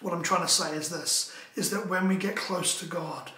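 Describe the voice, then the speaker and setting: A man's voice: high-pitched, normal speed, bright, forceful tone. A man preaching a sermon as pastor, emphatic and repetitive, with lines echoed back and forth. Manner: emphatic, repetitive call-and-response phrasing. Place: church.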